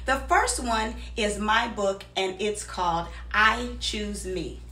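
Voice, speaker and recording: Slow, bright-voiced woman reading a promo. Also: mid-range voice, echoey room, far from the mic. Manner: encouraging, motivational. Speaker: show host. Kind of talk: scripted promotional read.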